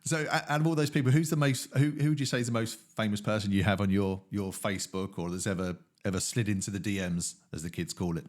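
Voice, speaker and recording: A man's voice: lowish voice, fast, few pauses, a little mellow. A man hosting a casual interview, friendly, laughing along and often restarting his questions. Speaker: interviewer, host.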